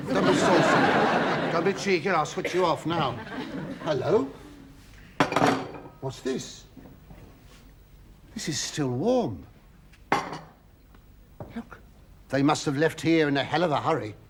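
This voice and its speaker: A middle-aged English man doing a camp, gossipy comic monologue, full of stammering restarts and cries of "oh, yes". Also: fairly high pitch. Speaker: comedian. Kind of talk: stand-up comic monologue to a studio audience. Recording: live studio audience laughter, loud noise.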